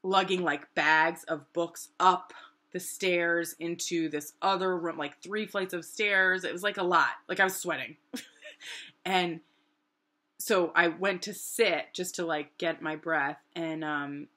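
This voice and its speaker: A middle-aged woman from New Hampshire, casually telling her own story and acting out what people said. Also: takes it slowly. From New Hampshire, USA. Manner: animated, acts out quoted voices with big pitch jumps.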